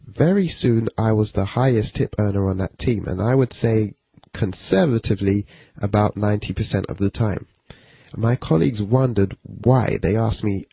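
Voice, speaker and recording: A man's voice: on the low side, mellow, slightly rough, no echo. A man giving an earnest, emphatic spoken Christian testimony, sermon-like and lightly humorous.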